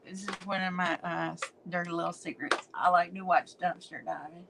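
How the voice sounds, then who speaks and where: A woman hosting a casual craft chat, relaxed and teasing. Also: fairly low pitch, normal speed, vocal fry, noisy background. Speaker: craft channel host.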